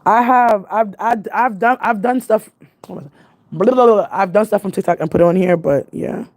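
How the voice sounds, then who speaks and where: This vlogger, a young woman of Jamaican family, speaks with a New York accent at normal speed in a mid-range, slightly mellow voice. She chats casually on a livestream, wandering from topic to topic and laughing a lot.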